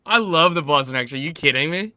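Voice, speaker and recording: A man's voice: on the high side, expressive, fast, bright, forceful tone, dry recording, clean studio sound. A young man co-hosting a casual live-streamed chat, joking and laughing easily. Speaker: podcast co-host.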